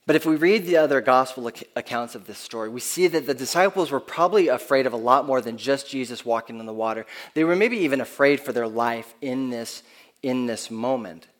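Pastor, male, relaxed conversational sermon delivery with a fairly high voice. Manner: earnest, conversational preaching with frequent restarts.

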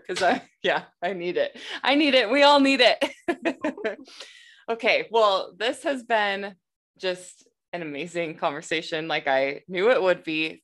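A woman's voice: lowish voice, a bit bright. A woman hosting a podcast who thanks her guest and invites a story in an enthusiastic, affirming way. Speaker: podcast host. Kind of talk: casual interview.

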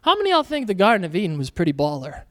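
A man preaching a sermon to a church, energetic and joking in a casual, conversational way. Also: sits high, very fast, big-room sound. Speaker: pastor.

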